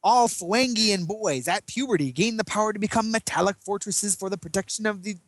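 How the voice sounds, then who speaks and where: A man's voice: high-pitched, fairly quick, no echo, pitched above the performer's own voice. A man doing a timid, stammering teen hero. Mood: earnest. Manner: stammering, earnest and humble.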